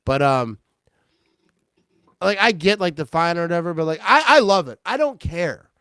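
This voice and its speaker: A man hosting a casual sports talk show, excitable and quick to laugh, often restarting his sentences. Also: on the high side, clean tone, no room sound. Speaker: podcast host.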